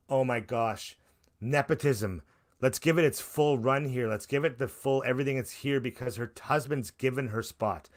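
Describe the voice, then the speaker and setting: A man co-hosting a casual review chat. He gives sarcastic, mocking commentary. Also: mid-range voice. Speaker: podcast co-host.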